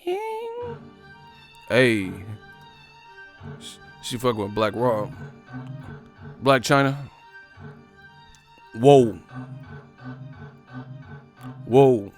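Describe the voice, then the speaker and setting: A man hosting a casual live stream, chatting and mocking commenters in slangy, animated talk, with faint music behind. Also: medium pitch, extremely slow, pauses often.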